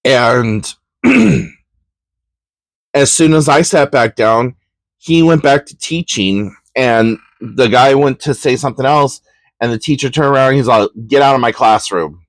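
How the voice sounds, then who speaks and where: A man's voice: mid-range voice, unhurried, long pauses, no echo. A man hosting a podcast, telling a personal story in a candid, reflective way with frequent ums and likes. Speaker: podcast host.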